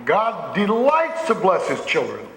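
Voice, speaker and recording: A man pastor delivering a sermon, his voice pitched a little high and carrying around an echoey church sanctuary. He tells homespun stories and rises in emphasis when he quotes scripture. A faint room hum sits behind him. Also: huge pitch swings, a little slow, a bit bright. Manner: folksy storytelling with rising emphasis on scripture.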